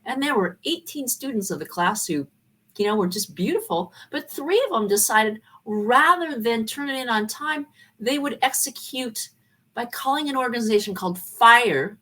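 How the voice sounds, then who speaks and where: A woman, a former college professor, telling a personal story in an animated way and acting out the dialogue. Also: fairly high pitch, moderate pace.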